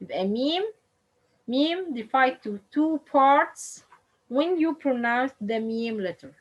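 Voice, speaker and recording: A woman's voice: on the high side, low-quality recording. A woman whose first language is Arabic, teaching pronunciation in English, drilling and repeating each sound for the learner. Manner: slow, repeats letters and words for drilling, non-native English grammar. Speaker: Quran recitation teacher. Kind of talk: tajweed pronunciation lesson.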